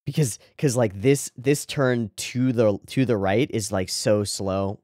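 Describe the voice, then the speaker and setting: A man with a somewhat low voice talks through an anime scene in casual commentary. He rambles enthusiastically, tossing in "like" and "right?" constantly. The sound is dry and close, with no room echo. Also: a little slow, darkish tone. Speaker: anime reaction host.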